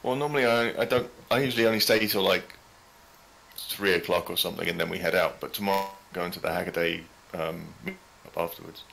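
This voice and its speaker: A man's voice: low-pitched, fairly quick, gravelly, fairly bright tone, a little hiss or hum, rough recording. A man in casual chat, making dry, teasing remarks.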